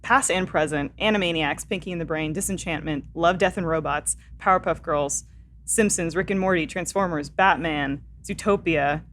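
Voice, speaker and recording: A woman's voice: low voice, normal speed, fairly bright tone, a little hiss or hum. A woman co-hosting a casual podcast, eager and laughing often as she talks to her guest. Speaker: podcast co-host.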